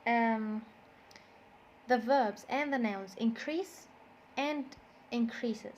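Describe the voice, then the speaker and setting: A woman's voice: on the high side, drawn-out words, darkish tone, a little hiss or hum. A woman with an Egyptian accent teaching an English lesson, moving between English and Arabic and repeating words to drill their stress. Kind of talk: classroom lesson explanation.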